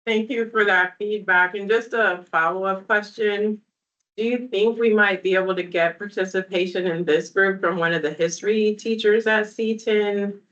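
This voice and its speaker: A woman's voice: mid-range voice, fairly even intonation, moderate pace, fairly bright tone. A woman chairing a town committee meeting, asking orderly follow-up questions. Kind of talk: meeting discussion. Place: meeting room. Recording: muffled meeting recording.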